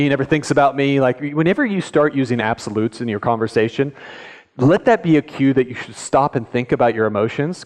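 A male pastor giving a conversational sermon, often checking in with the audience with questions. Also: on the high side. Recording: echoey hall.

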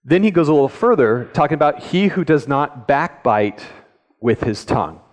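A man's voice: fairly high pitch, animated, normal speed. A male pastor giving a conversational sermon, often checking in with the audience with questions. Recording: echoey hall.

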